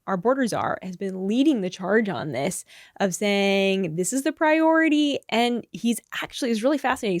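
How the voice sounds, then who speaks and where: A young woman co-hosting a casual political podcast, chatty and quick to laugh, with bursts of excitement. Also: medium pitch, no room sound, clean studio sound. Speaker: podcast co-host.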